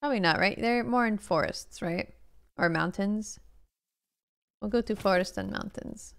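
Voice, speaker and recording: A woman's voice: medium pitch, normal speed, gravelly. A young woman in casual gameplay commentary, chatting playfully with her viewers as she plays. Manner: chatty, playful, talks to chat while playing. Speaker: streamer.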